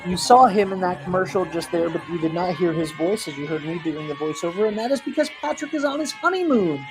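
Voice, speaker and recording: A man calling a live high school softball game, chatty and jokey, weaving in sponsor reads and getting loud on big plays. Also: expressive, quick pace, over music. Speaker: play-by-play announcer.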